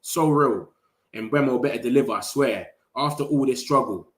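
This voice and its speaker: Middle-pitched and quick to get excited, this young football livestream host keeps things casual. He fires off slangy remarks at speed, speaking right to the folks in his chat.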